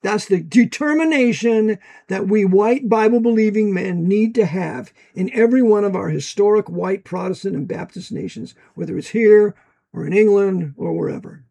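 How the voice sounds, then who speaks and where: An American man giving an emphatic, preachy monologue and reading passages aloud from a book, often rising to loud bursts. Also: high-pitched, normal speed, creaky. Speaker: commentator.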